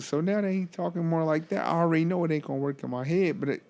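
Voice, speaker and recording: Creaky-voiced man telling a story. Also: a little high, fast, few pauses. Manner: animated, profane, laughs often, incredulous exclamations. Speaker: motivational speaker. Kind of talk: casual storytelling vlog.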